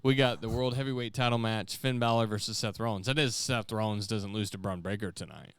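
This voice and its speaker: A man's voice: lowish voice, fairly quick, clean tone, no room sound, studio quality. A man co-hosting a podcast in casual chat, loose and joking, swearing freely. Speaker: podcast co-host.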